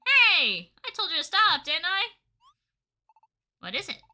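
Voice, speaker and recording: A woman voicing a smug schoolyard bully Pokémon in a lowered, taunting voice. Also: huge pitch swings, measured pace, bright, forceful tone, soft background music, heavily acted.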